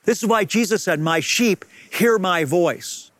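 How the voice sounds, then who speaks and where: A man preaching as a rabbi in a slow, emphatic sermon with repeated phrases. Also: high voice, fairly bright tone, no echo.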